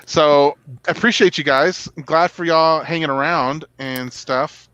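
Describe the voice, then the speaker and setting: A man's voice: on the high side, measured pace, fairly bright tone, smooth, no room sound, lo-fi sound. Chatty laughing male show host. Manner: chatty, laughing, says y'all. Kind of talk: casual show sign-off chat.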